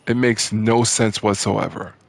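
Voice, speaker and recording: Gravelly-voiced man, gaming host, exasperated profane rant. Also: lowish voice, steady tone, measured pace, no room sound. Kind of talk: frustrated gameplay commentary.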